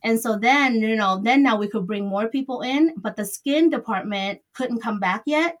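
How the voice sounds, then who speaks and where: Chatty middle-aged salon owner, higher voice. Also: female voice, normal speed. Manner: chatty, rambling, loose grammar. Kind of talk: interview answers.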